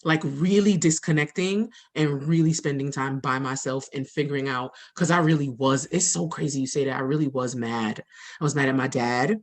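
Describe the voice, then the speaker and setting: A woman's voice: very deep voice, moderate pace. A woman from the Bronx hosting an interview, talking in a candid, reflective way and laughing easily. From the Bronx, New York. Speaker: host. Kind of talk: casual interview chat. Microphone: video call.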